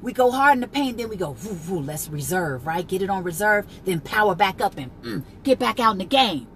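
A woman life coach hosting a casual live stream, chatting, laughing often and greeting viewers by name, then turning slow and emphatic to make a point. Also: medium pitch, lively intonation, a bit bright, a little hiss or hum. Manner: turns slow and emphatic when teaching.

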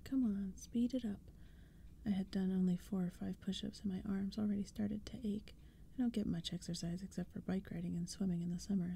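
Soft-spoken woman, whispered role-play reading. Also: medium pitch, vocal fry, a little hiss or hum. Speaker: ASMR storyteller.

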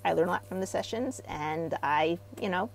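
A middle-aged woman from Israel, a therapy practitioner talking as an interview guest. She tells stories with animation and gets loud when she acts out what people say. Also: fairly low pitch, normal speed, vocal fry, rough recording. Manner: animated storyteller, rising loud when acting out quotes. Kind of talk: casual interview talk.

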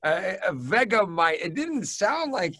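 A comedian guest with a high, bright, sharp-edged voice, joking and teasing his host in playful banter. His talk is casual and quick to poke fun. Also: very animated. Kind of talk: casual joking video chat.

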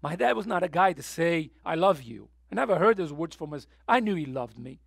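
A man preaching a sermon with passion, going from soft, tearful moments to loud, urgent appeals. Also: on the high side, expressive, brisk, gravelly, breathy edge, no echo, clean studio sound. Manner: impassioned, swings from soft to loud; emotional, near tears. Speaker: pastor.

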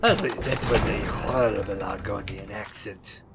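Over a very noisy recording, a young man livestreams a video game, chatting casually and playfully, giggling and talking to the characters. His voice is lowish and his pace unhurried as he keeps up the casual commentary.

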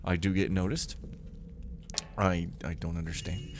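A young man talks over his gameplay in a casual, rambling way, piling on sarcastic asides with a deadpan edge. His voice sits somewhat low. A faint hum of noise lies under the recording. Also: unhurried. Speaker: let's play gamer.

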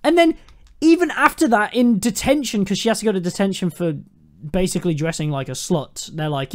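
A man's voice: high voice, a little fast. A man co-hosting a podcast, swearing and ranting animatedly about a film in casual chat. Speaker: podcast co-host.

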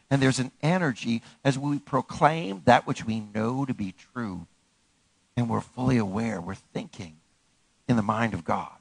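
A man's voice: medium pitch, slightly rough, no room sound, low-quality recording. A male pastor preaching a sermon, emphatic, repeating phrases and leading the congregation in call-and-response.

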